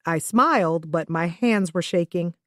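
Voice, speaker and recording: A woman narrating a first-person thriller audiobook with steady, even delivery. Her voice sits on the low side for a woman. The recording is dry and close, with no room sound. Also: measured pace, no room sound.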